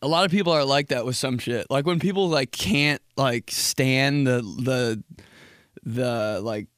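A man's voice: mid-range voice, unhurried, smooth, dry recording. Young man rambling profanely, dry mic. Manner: rambling, profane, jumps into loud impressions. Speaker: podcast host. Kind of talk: casual solo podcast monologue.

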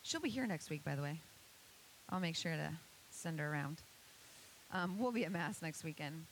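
A woman's voice: low-pitched, expressive, normal speed, a little hiss or hum, rough recording. Earnest woman speaker asking rhetorical questions. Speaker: speaker giving a church presentation. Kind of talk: motivational talk to an audience.

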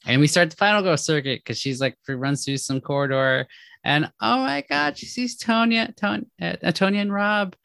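A man's voice: high voice, animated, moderate pace, creaky, a bit bright, dry recording. A man co-hosting a podcast, retelling a novel in a loose, joking, profane way. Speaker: podcast co-host. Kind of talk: casual chat recapping a novel.

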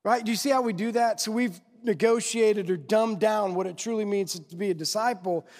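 A man's voice: high voice, moderate pace, a little mellow. A male pastor preaching a conversational sermon, constantly checking in with the congregation through rhetorical questions. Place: church sanctuary. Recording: long reverb of a large hall.

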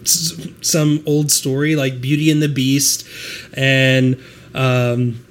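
In a casual chat, an American man talks slowly at a medium pitch. He's animated and laughing, and he acts out quotes as he goes.

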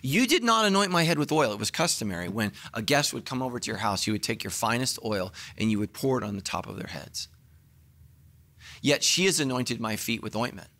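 A middle-aged man preaching a sermon as a pastor, telling the story with acted-out dialogue and sudden swings between loud and hushed. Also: a little fast, gravelly. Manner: animated storytelling, acting out dialogue with big pitch swings.

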